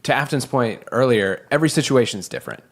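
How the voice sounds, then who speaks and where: A man's voice: medium pitch, lively intonation, fast. A man co-hosting a podcast in casual conversation, thoughtful and searching for his words. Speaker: podcast co-host.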